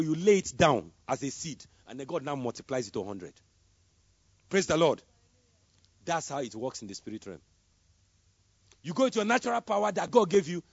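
A man preaching a sermon, swinging between loud emphatic calls and soft murmured prayer. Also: fairly high pitch, husky, no echo. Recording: dull lo-fi sound.

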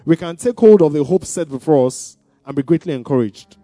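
A man's voice: fairly high pitch, lively intonation, brisk, dark tone, no room sound. A man preaching a sermon, asking the congregation questions and building to emphatic declarations. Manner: call-and-response preaching, rising to emphatic declarations. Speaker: pastor. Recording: dry sound with faint music behind.

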